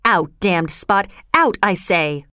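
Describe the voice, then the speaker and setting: A proud queen walks in her sleep and murmurs orders to a vision, as a woman narrator voices her. Her voice sits low and distracted yet commanding, recorded dry and close. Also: animated, slow, bright, forceful tone, smooth, dry recording, full character voice. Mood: haunted.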